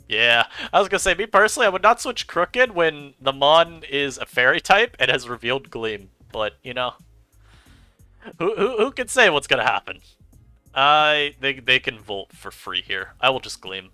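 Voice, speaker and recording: A man giving chatty, animated commentary over his own gameplay as a streamer, laughing often. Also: mid-range voice, no echo. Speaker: online game streamer.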